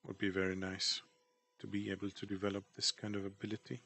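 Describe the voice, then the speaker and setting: A man's voice: sits low, completely flat delivery, moderate pace, pauses often, fairly bright tone. A man chatting casually while drawing on stream, rambling and self-deprecating about his work. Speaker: artist streamer.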